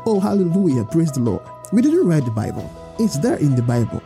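A man preaching a sermon, emphatic, reading scripture slowly and urging his listeners. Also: high-pitched, big pitch swings, creaky, warm tone, faint music behind. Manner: emphatic, repeats scripture slowly and exhorts the congregation.

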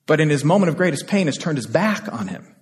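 In a church sanctuary, a pastor preaches an impassioned sermon in a voice high for a man, sing-song and sweeping widely in pitch as he talks fast. He urgently repeats phrases, swings between loud and hushed, dropping to near-whispers, while long reverb trails each line.

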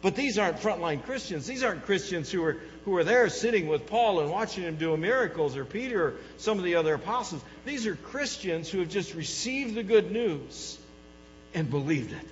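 A man preaching a sermon, telling stories with animation and swinging from loud exclamations to hushed lows. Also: lively intonation, normal speed. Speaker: pastor. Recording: dull reverberant hall with mains hum.

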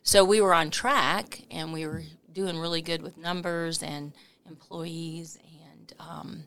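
Middle-aged woman, interview guest; bright, slightly gravelly, lower-pitched, lively chatty storytelling. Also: slow. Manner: animated, laughing storyteller with many fillers. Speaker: coffee company founder, interview guest.

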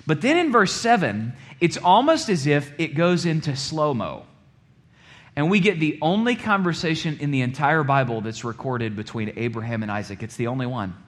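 Male preacher, conversational sermon delivery with a slightly raised pitch, shifting into low, quiet storytelling. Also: lively intonation, moderate pace. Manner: conversational preaching, checks in with "okay?", drops low and quiet for drama.

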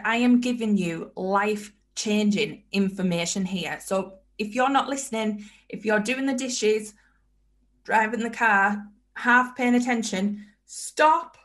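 A woman hosting a motivational self-help talk, emphatic and fond of repeating her key phrases. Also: mid-range voice. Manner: emphatic, repeats phrases, acts out inner voices. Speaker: podcast host.

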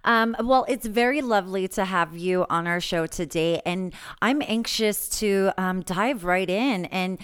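A woman's voice: medium pitch, measured pace, hardly any pauses, clean tone. A woman hosting a podcast in casual chat, bubbly and giggly, often restarting her sentences. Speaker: podcast host.

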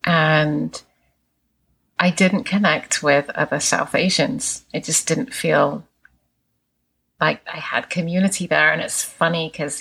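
A woman with a low, deep-set voice talks openly and casually, laughing between thoughts and swearing freely. Her tone carries a gravelly edge and a husky, breathy texture. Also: steady tone, takes it slowly, a bit bright. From England. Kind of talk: candid casual chat.

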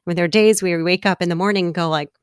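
A woman telling personal stories in a relaxed conversation, laughing often and acting out bits of dialogue as she reflects. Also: fairly low pitch, very fast, smooth, no echo, clean studio sound. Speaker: guest.

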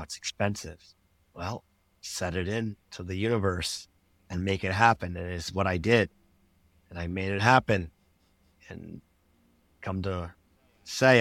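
A man's voice: low voice, fairly bright tone, no room sound. A man, a podcast guest, telling his personal story in an earnest, reflective way.

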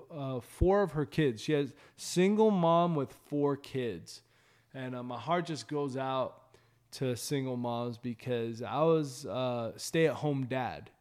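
A man's voice: mid-range voice, darkish tone, clear, resonant tone. A man hosting a ministry show, telling an evangelism testimony in an earnest, rambling way with many fillers and restarts.

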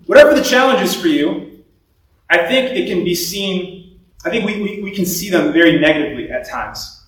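A young man giving a sermon in a relaxed, conversational way, telling stories and often restarting his sentences. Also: high-pitched, moderate pace. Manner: conversational storytelling with repeated restarts. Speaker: preacher. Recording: very echoey room, voice from far off.

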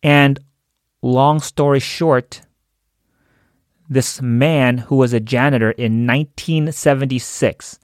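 A man's voice: medium pitch, no echo, studio quality. A man in a conversational storytelling talk who chuckles as he goes. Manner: conversational, chuckles while telling.

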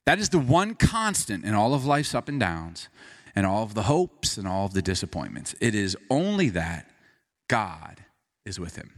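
A man preaching a sermon, telling a self-deprecating personal story with lots of energy and then turning quiet and earnest as he moves into scripture. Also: on the low side, wildly swooping pitch, moderate pace. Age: adult. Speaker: pastor.

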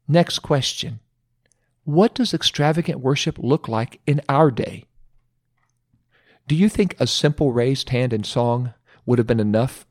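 A man delivering an earnest devotional sermon, leaning hard on key words and slowing to let them land. His voice sits in an ordinary middle register. The sound is dry and close, with no room around it. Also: mid-range voice, darkish tone, dry recording. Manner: earnest, emphatic, slows down for stress. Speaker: preacher. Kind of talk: devotional sermon with study questions.

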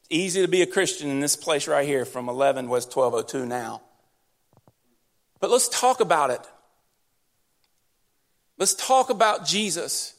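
A man's voice: fairly high pitch, animated, normal speed, pauses often. A man preaching a sermon in church, talking directly and conversationally to his congregation as their pastor. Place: church sanctuary during service.

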